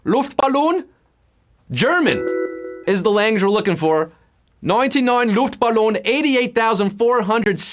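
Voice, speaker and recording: A man hosting a live trivia game show, reading questions and answers in a playful, punning, hyped-up way. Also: high voice. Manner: playful, punning, lively hype. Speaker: quiz show host.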